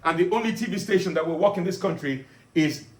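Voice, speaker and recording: Speaking fast in a natural voice, a comedian does character stand-up as a bragging, bombastic African dictator of his own making who lectures and ribs the crowd, booming and commanding. It's recorded in an echoey pub gig room on a distant mic over a loud audience.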